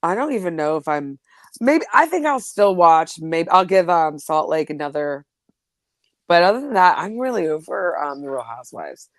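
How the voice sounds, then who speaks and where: Chatty low-voiced woman, dry sound. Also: animated, moderate pace, no room sound. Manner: chatty, filler-heavy, laughing asides. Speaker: panelist. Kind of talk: casual pop culture chat.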